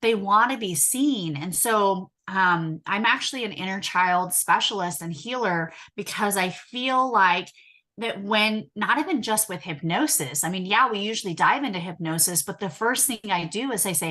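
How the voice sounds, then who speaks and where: A woman in her thirties, a hypnotherapist and inner child healer, talking earnestly and emotionally in casual conversation, slowing down on key words. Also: medium pitch, animated, pushed and bright.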